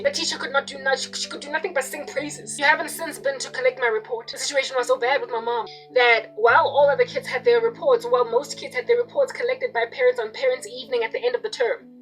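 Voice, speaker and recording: A high-voiced young woman with a South African accent delivers a heartfelt, aggrieved monologue straight to her viewers. She jumps between quiet confession and sharp, loud impressions of yelling. Faint music plays underneath her. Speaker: video blogger. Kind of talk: emotional personal monologue.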